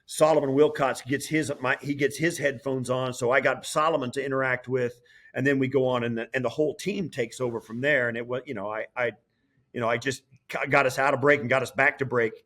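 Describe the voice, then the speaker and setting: A middle-aged man, a former player turned broadcaster, telling a story as an interview guest in an animated way, with frequent restarts. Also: medium pitch, brisk. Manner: animated, lively, full of restarts. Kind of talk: casual storytelling.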